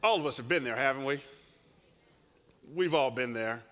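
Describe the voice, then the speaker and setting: A man preaching a sermon, telling a story with animated delivery and frequent restarts. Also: mid-range voice, moderate pace. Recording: long hall reverb.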